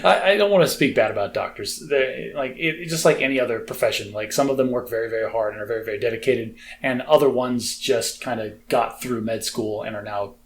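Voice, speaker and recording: Chatty American co-host, self-deprecating, mid-pitched voice with light background noise. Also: male voice, fairly quick, few pauses. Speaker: podcast co-host. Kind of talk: casual chat.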